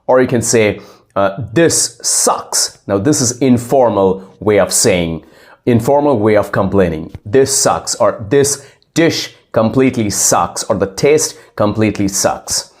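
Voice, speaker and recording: A man playing a polite young male student who answers his teacher slowly and repeats each example phrase. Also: lowish voice, darkish tone, lightly acted. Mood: explaining. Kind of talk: scripted classroom role-play.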